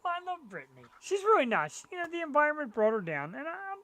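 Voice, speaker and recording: A man's voice: very high-pitched, wildly swooping pitch, fast, pushed and bright. A middle-aged man chats on a live web show as co-host. He talks about his collectible finds in a loose, enthusiastic, conversational way. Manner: chatty, enthusiastic collector talk. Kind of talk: casual live-show chat.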